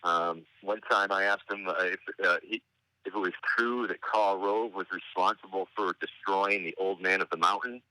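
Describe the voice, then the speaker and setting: A middle-aged man tells stories in a loose, halting ramble, full of dry, wry asides. His voice sits fairly low but rings very bright and forceful. The sound is dry, with no room in it. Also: fairly even intonation, no echo, poor audio. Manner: meandering, halting delivery with frequent hesitations. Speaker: interview guest. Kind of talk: casual anecdotal storytelling.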